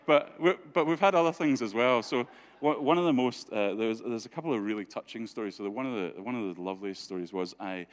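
A man's voice: mid-range voice, quick pace, hardly any pauses. A man telling stories in a church talk, chatty, often laughing, with many restarts and fillers. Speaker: church speaker. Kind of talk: anecdotal storytelling talk.

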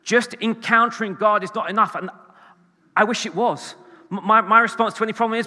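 A man preaching a sermon, animated and emphatic, swinging between loud bursts and hushed asides. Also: high-pitched, brisk, long reverb tail.

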